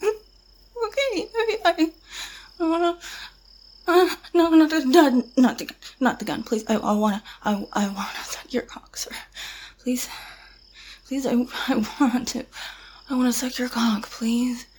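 A woman's voice: high voice, unhurried, long pauses, a little mellow, a little hiss or hum. A woman playing a terrified, tearful pleading woman.

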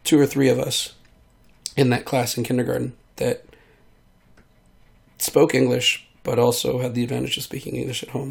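A sick American vlogger rambles through a casual monologue, his voice hard to control. It has a steady middle pitch and a gravelly, creaky texture as he wanders between thoughts, trails off, and fills gaps with ums.

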